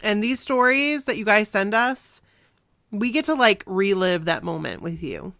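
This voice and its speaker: A woman's voice: mid-range voice, animated, measured pace, a bit bright, no echo, studio quality. A woman in her forties, guest co-host of a podcast, chatting in a bubbly, enthusiastic way. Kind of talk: casual chat.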